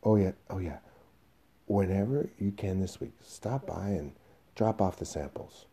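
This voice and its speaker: A man's voice: low voice, lively intonation, measured pace, dark tone, breathy edge, heavily acted. A man reading the part of an impatient young boss who brushes off an older employee. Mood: dismissive. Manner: curt, dismissive.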